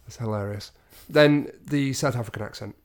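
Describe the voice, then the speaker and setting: A man chats casually on a podcast. He banters playfully and readily agrees with his co-host. His voice sits at an ordinary middle pitch. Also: normal speed. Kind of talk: casual chat.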